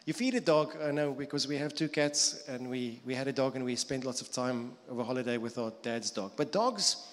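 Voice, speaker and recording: A man's voice: medium pitch, a little fast, in a large hall. A man preaching a sermon in a conversational way, now and then acting out quoted voices.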